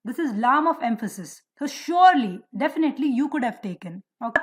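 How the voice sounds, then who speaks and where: Woman, high voice, grammar teacher, recites verb tables, quizzes students. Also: animated, normal speed. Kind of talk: online grammar lesson.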